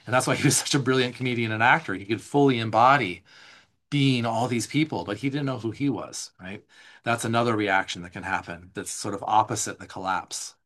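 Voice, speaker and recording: A man's voice: on the low side, fairly quick, fairly bright tone. Man teaching a somatic class. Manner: reads slides aloud, then explains in casual asides. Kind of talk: live online class teaching.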